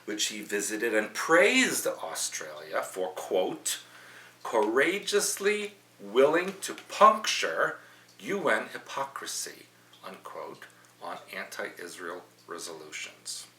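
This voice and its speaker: A man's voice: lowish voice, wildly swooping pitch, slow, bright, forceful tone. A middle-aged man hosting a news podcast, reading quotes aloud and adding opinionated asides. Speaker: podcast host. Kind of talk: news commentary chat. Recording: roomy, slightly distant mic with faint hum.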